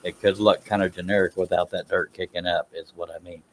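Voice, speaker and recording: A man's voice: sits low, flat delivery, brisk, very noisy. A man chatting casually on a live stream while he works in his workshop. He talks in a rambling, self-deprecating way and laughs at himself.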